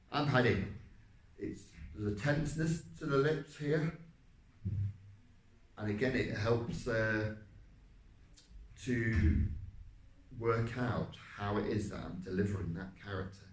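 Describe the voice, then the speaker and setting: A man, an actor, reflecting on his vocal technique, halting and searching for words. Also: low-pitched, darkish tone. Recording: roomy, distant mic.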